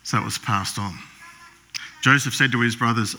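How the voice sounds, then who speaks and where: A male pastor, preaching a sermon in a storytelling way, acting out the characters' lines in a hushed voice and often clearing his throat. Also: medium pitch, moderate pace.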